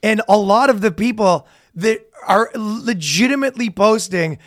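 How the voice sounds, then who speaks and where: A man's voice: high voice, normal speed, a bit bright, dry recording, clean studio sound. A man co-hosting a podcast in loose, rambling casual chat, swearing and laughing easily. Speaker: podcast co-host.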